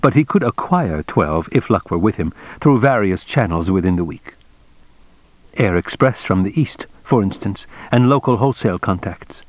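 Low-voiced man narrating an audiobook. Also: animated, moderate pace, dry recording, poor audio. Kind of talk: scripted narration.

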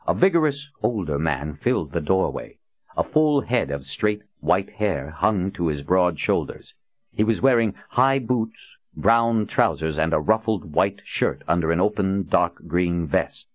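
A man with a very low voice narrates an audiobook with lively, swinging intonation. The sound is dry and close, with a dull, lo-fi quality. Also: no room sound. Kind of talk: scripted narration.

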